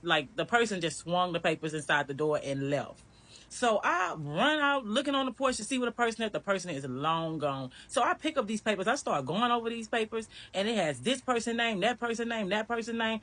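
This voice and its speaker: A woman's voice: medium pitch, lively intonation, fairly quick, fairly bright tone. A woman candidly telling her own story in a casual, blunt way, with some swearing. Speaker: storyteller recounting her marriage.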